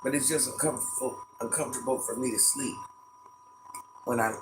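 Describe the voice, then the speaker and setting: This man's steady, medium-pitched voice moves fairly quickly as he chats casually on a live stream, reading viewer comments. He's sassy, keeps calling people "baby," repeats himself, and sounds a bit stuffy from allergies. An air conditioner hums amid loud background noise.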